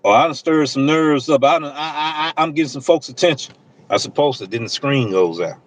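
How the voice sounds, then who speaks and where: A man's voice: fairly high pitch, brisk, poor audio. A man who drives deliveries, talking to viewers on a livestream in passionate, preachy, slang-filled casual speech. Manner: impassioned, preachy, talks straight at the audience.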